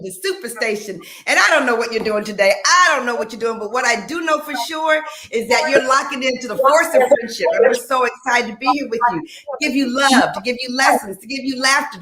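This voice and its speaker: A woman from Detroit opening a live radio talk show with high energy, repeating phrases for emphasis. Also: sharp tone, roomy sound. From Detroit, Michigan.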